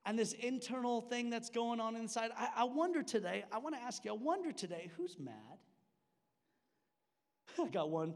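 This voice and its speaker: High-voiced young man preaching in a reverberant hall. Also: normal speed. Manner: conversational, joking, with laughs and repeated restarts. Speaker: pastor. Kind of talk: sermon. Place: church sanctuary.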